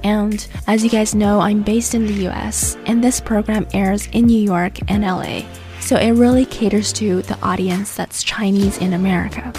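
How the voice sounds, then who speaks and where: Casting note: woman, gravelly low-edged voice, teacher explaining slowly, music bed behind. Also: steady tone. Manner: gentle, explanatory, speaks slowly. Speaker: English teacher and host. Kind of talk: casual lesson talk. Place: based in the US.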